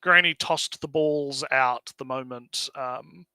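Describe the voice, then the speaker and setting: Excitable guy chatting anime on stream, crisp sharp voice, laughs a lot. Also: medium pitch, slow, dry recording. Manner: excitable, laughing, many restarts. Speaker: stream co-host. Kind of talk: casual anime discussion.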